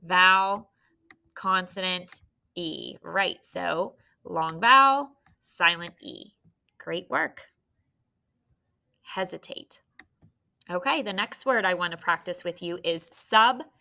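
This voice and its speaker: Casting: young woman, third grade teacher, slow encouraging phonics delivery, bright tone. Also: on the low side, animated, gravelly. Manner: slow, encouraging, spells out letters. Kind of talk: phonics lesson to young students.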